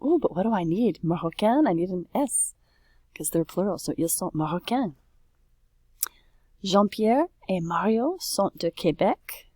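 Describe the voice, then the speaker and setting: A woman's voice: mid-range voice, expressive, a little slow, darkish tone, breathy edge, no room sound, clean studio sound. A woman French teacher talking casually through a worksheet, correcting herself and saying oops as she goes. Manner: chatty, self-correcting, says oops often.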